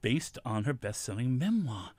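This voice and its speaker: A man's voice: mid-range voice, moderate pace, no room sound. A man hosting a radio interview, teasing his guest in a campy, gossipy way. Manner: campy, teasing, animated banter. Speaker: radio host. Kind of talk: casual celebrity interview.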